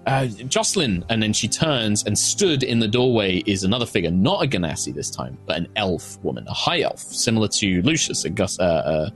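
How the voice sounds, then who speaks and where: A man's voice: fairly low pitch, sing-song, moderate pace, hardly any pauses, faint music behind. A man narrating a tabletop game as game master, rambling with many fillers. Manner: rambling, filler-heavy description.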